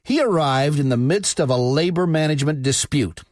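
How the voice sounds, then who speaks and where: A documentary narrator delivers his script in a measured, even way. His voice is slightly higher than most men's, and the sound is dry and close. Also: dry recording.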